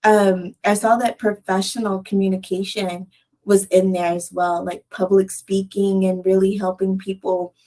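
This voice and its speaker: A woman with a Texan accent hosts a relaxed podcast conversation. She talks casually, with plenty of "like" and frequent laughter, sharing stories in an easygoing way. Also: medium pitch, normal speed, low-quality recording. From Texas. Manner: chatty, laughs often, says "like". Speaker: podcast host.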